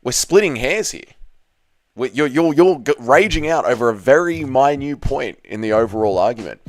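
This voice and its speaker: A man's voice: mid-range voice, expressive, normal speed, dry recording, studio quality. A man from Australia with an Australian accent, casually reading chat and bantering with viewers on a live stream. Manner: banters with viewers, swears freely.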